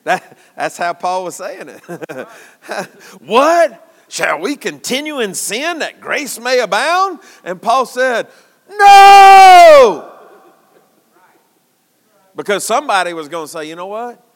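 Man preaching, very high voice, lively swings, slow unhurried delivery, long church reverb. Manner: shouting and dropping low, folksy. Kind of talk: sermon.

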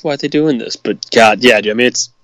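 A man's voice: medium pitch, fast, a bit bright, dry recording. A man co-hosting a casual podcast, laughing often and cursing casually. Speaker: podcast co-host. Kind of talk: casual chat.

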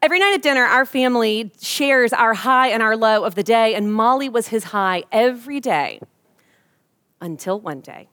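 A woman's voice: on the high side, normal speed, clear, resonant tone. A woman, preaching a sermon and telling a personal story with humor. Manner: storytelling with humor, lively quoted voices. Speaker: pastor.

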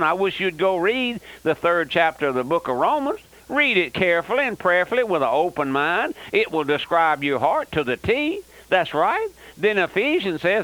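A man's voice: high voice, big pitch swings, normal speed, bright, forceful tone, poor audio. An older man preaching a fiery, emphatic radio sermon and repeating "that's right.". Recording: old radio broadcast.

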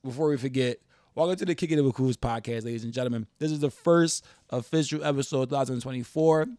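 A young man hosting a casual podcast, telling stories in an animated, profane, joking way. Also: medium pitch, fast, dry recording. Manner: animated, profane, jokey storytelling. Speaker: podcast host.

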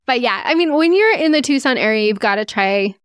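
A woman co-hosting a podcast in a casual chat, chatty and quick to laugh. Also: fairly high pitch, big pitch swings, fairly bright tone, clear, resonant tone, no echo, studio quality. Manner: chatty, laughs often, playful asides. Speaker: podcast co-host.

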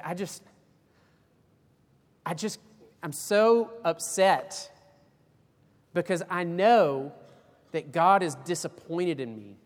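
A man's voice: fairly high pitch, fairly bright tone, big-room sound. A man preaching a sermon as pastor, folksy and emphatic, with homespun illustrations.

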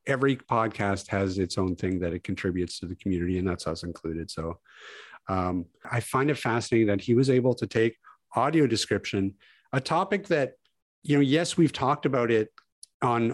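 A man's voice: medium pitch, dry recording. A man co-hosting a podcast, chatting casually and rambling with restarts over a remote call. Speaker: podcast co-host. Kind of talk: casual chat.

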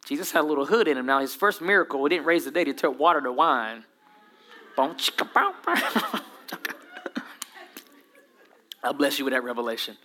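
A man preaching a sermon with humor, dramatic whispers and sudden loud bursts. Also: medium pitch, quick pace, long pauses. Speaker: pastor.

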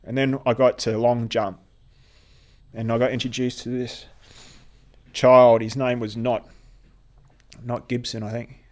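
A man telling a painful personal story in an interview, halting and repeating himself, with blunt language when upset. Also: medium pitch, little pitch movement, a little mellow. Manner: halting, repeats words, restarts. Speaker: interviewee, veteran athlete.

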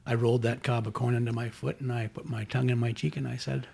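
Gravelly, husky Canadian man. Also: mid-range voice, flat delivery, quick pace, a little mellow. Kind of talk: casual chat.

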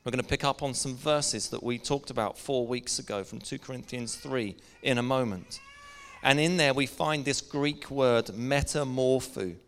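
A man preaching a sermon to a congregation. He speaks earnestly, slows down to stress key words, and puts questions to the room. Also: mid-range voice, fairly bright tone. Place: church hall. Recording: echoey church hall.

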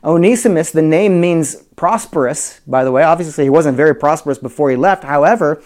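A man teaching a Bible study in a conversational way, full of rhetorical questions and swinging between loud emphasis and quiet asides. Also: a little high, a little fast. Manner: frequent fillers and restarts, chuckles.

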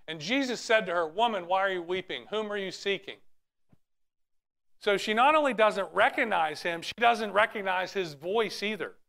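Man, pastor, sermon, high voice, earnest, repeats and restarts phrases. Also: normal speed, creaky, bright, forceful tone. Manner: earnest preaching with repeated restarts, reads scripture aloud.

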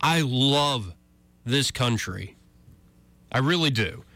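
A man's voice: medium pitch, lively intonation, slow, fairly bright tone, no room sound. A talk radio host, a man from Alabama, giving a sarcastic political commentary monologue and calling himself a cynic. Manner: sarcastic, self-described cynic.

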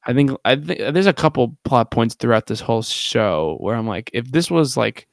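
A man with a mid-pitched, gravelly voice co-hosts a podcast in a relaxed, offhand chat. He sits close to the mic, and the recording is dry with no room sound. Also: normal speed, no room sound. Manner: laid-back, chiming in with short agreements. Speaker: podcast co-host. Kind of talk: casual chat reviewing TV.

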